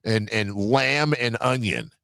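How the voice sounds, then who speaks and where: Animated, low-voiced radio co-host man. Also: gravelly. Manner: animated, quick to jump in, emphatic. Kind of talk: casual studio banter.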